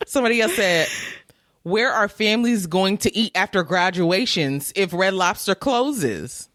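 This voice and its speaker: A woman's voice: mid-range voice, expressive, unhurried, a bit bright, no room sound, studio quality. A woman co-hosting a podcast, chatting casually and reading news aloud through bursts of laughter. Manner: giggly, reads news aloud between laughs. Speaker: podcast co-host. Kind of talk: casual chat.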